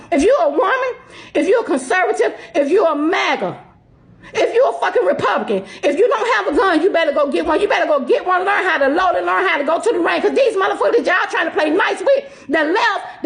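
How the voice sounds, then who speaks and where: A woman in a furious, profane rant on a social media video, laughing scornfully as she talks. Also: extremely high pitch. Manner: laughing scornfully while ranting.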